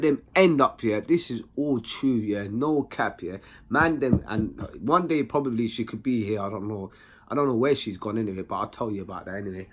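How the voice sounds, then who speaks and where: Young London man, slangy and animated storyteller, mid-pitch, lively delivery. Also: husky. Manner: slangy, animated, full of tag questions. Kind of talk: casual anecdote.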